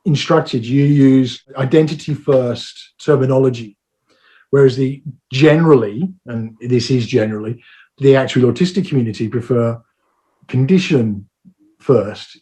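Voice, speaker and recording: Male co-host, warm low tone, measured devil's-advocate style. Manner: thoughtful, measured, argues the other side. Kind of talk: casual podcast chat.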